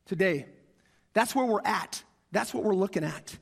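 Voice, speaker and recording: A man's voice: sits high, normal speed, vocal fry, slightly rough. A man preaching a sermon, telling a story with acted-out voices and calls to the congregation. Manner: animated, acts out quoted voices, asks the congregation. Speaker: pastor. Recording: long reverb of a large hall.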